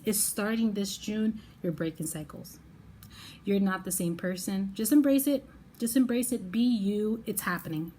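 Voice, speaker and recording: Woman, tarot reader, effusive and excitable, mid pitch, faint background hiss. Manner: effusive, excitable, addresses viewer directly. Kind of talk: pick-a-card tarot reading.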